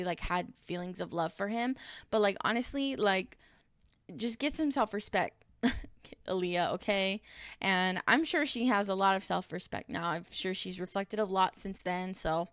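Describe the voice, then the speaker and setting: A woman's voice: mid-range voice, moderate pace, fairly bright tone, no echo, studio quality. A woman in her thirties recapping a reality show in a casual vlog, blunt and exasperated, swearing freely. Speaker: reaction vlogger. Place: dim room at home.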